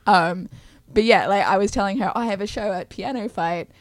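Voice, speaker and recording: A woman's voice: medium pitch, brisk, no room sound. A woman from Australia with an Australian accent, a guest chatting casually and laughing easily. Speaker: podcast guest. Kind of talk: casual comedy chat.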